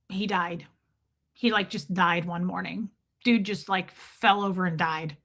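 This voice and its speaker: A woman's voice: medium pitch, sharp tone. A woman hosting a casual livestream, telling a story in a blunt, profane way and greeting viewers by name as she goes. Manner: blunt, profane, reads viewer names aloud mid-story. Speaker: livestream host. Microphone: streaming setup mic.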